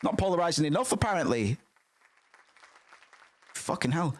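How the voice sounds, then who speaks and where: A man's voice: fairly high pitch, sing-song, moderate pace, some chatter behind. A man streaming, chatting casually and rambling, swearing freely with many restarts.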